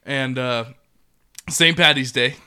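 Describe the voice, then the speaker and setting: A man's voice: medium pitch, takes it slowly, bright, forceful tone, clean tone. A young man casually telling a rambling drinking story, swearing and laughing along the way. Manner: laid-back, swearing, laughs mid-story.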